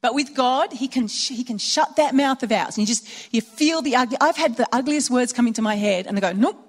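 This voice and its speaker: A woman giving an informal sermon to mothers, chatty and animated, telling stories with acted-out dialogue. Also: fairly high pitch, brisk. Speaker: speaker at a Christian women's or mothers' gathering. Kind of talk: informal sermon with personal anecdotes.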